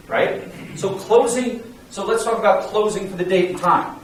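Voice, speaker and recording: A man coaching a sales team in an emphatic, energetic, pleading way. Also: sits high, normal speed. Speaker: sales trainer. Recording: echoey room, mic far off, faint hiss.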